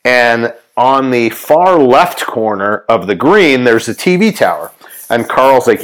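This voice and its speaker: A man's voice: medium pitch, lively intonation, normal speed, low-quality recording. A man guest on a podcast, telling a story casually with many fillers and quoted lines. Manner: chatty, lots of ums and quoted dialogue. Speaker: podcast guest, sportswear executive.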